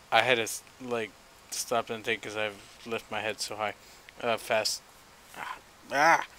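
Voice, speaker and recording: A man's voice: lowish voice, little pitch movement, a little slow, sharp tone, a little hiss or hum, rough recording. A tipsy man chatting loosely while soldering, swearing now and then. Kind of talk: casual chat while soldering.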